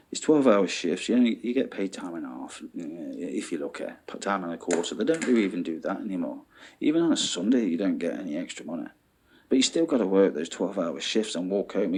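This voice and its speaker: Male vlogger, husky voice, swings widely in pitch, ranting monologue. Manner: animated, swearing, checks in with "yeah?".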